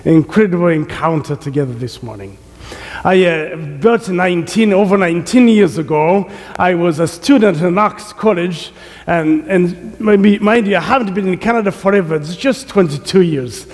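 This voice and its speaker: A man's voice: fairly high pitch, a little mellow. A middle-aged man with an African accent preaching a sermon as a guest preacher, jovial and often laughing between remarks. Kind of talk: sermon with prayer. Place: large church sanctuary. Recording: long reverb of a church hall.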